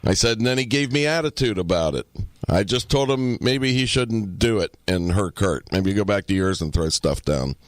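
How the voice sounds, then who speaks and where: On a dry recording, a man with a lowish, animated voice co-hosts a podcast at a moderate pace. The chat is casual, full of profane stories in which he acts out the people he quotes.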